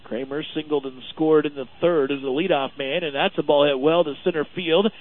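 A man giving play-by-play commentary on a baseball game for a radio network, steady and full of stats. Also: a little high, brisk. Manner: steady, informative, stat-heavy. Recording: narrow phone-like radio audio.

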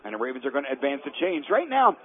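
A man calling live college football play-by-play from the press box, rising and stretching his words when a big play breaks. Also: mid-range voice. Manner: rises sharply and slows on big plays. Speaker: play-by-play announcer. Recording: tinny phone-line radio broadcast.

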